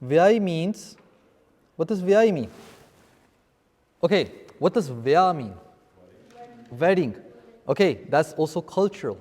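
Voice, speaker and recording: A man's voice: a little high, expressive, slow pace, pauses often, darkish tone. A man teaching a seminar on scripture vocabulary to a live class, explaining terms and often checking with "okay?". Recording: long reverb in a hall.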